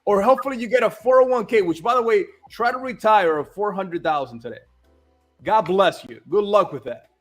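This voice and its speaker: Blunt, emphatic male co-host, high voice, light music bed. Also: lively intonation, brisk. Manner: blunt, emphatic, repeats "all right?" and "dude". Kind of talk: casual business chat.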